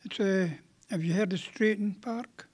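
A man's voice: high-pitched, measured pace, darkish tone. An older man with a Scottish accent, a panel guest chatting modestly and rambling a little.

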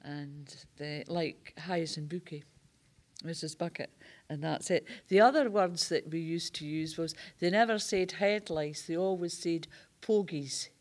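A woman with a Scottish accent, recalling family sayings in a lively, laughing way. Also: low voice, unhurried. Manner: lively, laughing through the telling. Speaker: reminiscence group member. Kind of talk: casual storytelling.

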